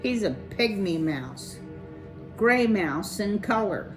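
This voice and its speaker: A woman's voice: mid-range voice, animated, slow pace, over music, rough recording. A woman reading aloud, voicing a cool young female mouse musician with slangy, upbeat talk. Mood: breezy.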